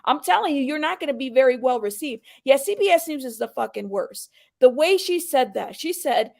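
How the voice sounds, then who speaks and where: A high-pitched woman hosts a live commentary stream, heated and confrontational as she calls out a viewer in her chat. She talks straight at the audience in a casual, blunt way. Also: expressive, fairly quick, creaky, a little mellow. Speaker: livestream host.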